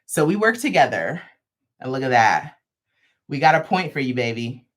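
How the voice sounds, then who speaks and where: A woman's voice: very deep voice, very animated, moderate pace. A woman hosting a live crochet stream, showing off a product with playful, sassy asides. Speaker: host of a crochet livestream. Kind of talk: live product demo chat.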